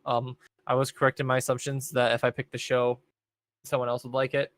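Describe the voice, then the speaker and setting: A young man chats casually on a podcast, recapping a show in a loose, rambling way. His voice sits at an ordinary middle pitch, and he fills his pauses with ums and likes. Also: completely flat delivery, a bit bright, no echo. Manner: laid-back, rambling recap with many fillers. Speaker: podcast co-host. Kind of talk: casual chat.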